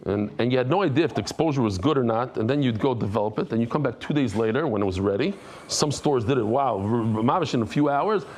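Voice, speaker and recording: A middle-aged man, a rabbi, teaching a daily Talmud class in an animated, conversational way, mixing Hebrew and Aramaic terms into his English. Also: medium pitch, a little hiss or hum. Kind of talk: lively Talmud lesson.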